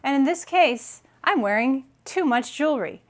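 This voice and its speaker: A woman with a fairly high voice talks through a thrift haul in a casual fashion vlog. Her delivery is chatty and playful, and she leans on emphasis to make her points. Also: animated, moderate pace. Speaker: style vlogger.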